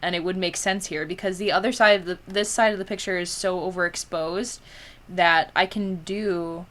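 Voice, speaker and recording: A woman's voice: lowish voice, steady tone, normal speed, a bit bright. A tired young woman chats with her stream while editing photos at her desk. She giggles often and drifts into a Valley Girl lilt, filling her talk with "like.".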